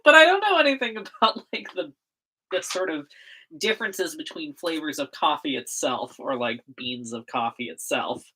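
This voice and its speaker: A woman with a low voice that leaps up and down a lot chats on her livestream while she works at her desk. She rambles, laughs often and keeps stopping to correct herself. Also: expressive, moderate pace, pushed and bright, slightly rough, rough recording. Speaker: livestreaming zine maker. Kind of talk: casual rambling livestream chat.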